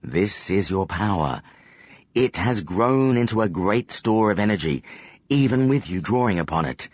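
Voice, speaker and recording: Stern old magician guy, man voicing him, slow and low, husky voice, dull dry recording. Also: lively intonation, darkish tone, dry recording. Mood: instructive. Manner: slow, measured, commanding. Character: stern older male magician, calm mentor.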